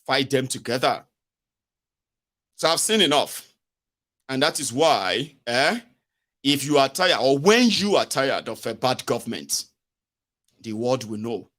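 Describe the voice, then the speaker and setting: A man's voice: mid-range voice, a little slow, pauses often. Sarcastic Nigerian man ranting on a livestream. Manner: animated, sarcastic, drops into mock voices. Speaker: host. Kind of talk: live-stream political commentary.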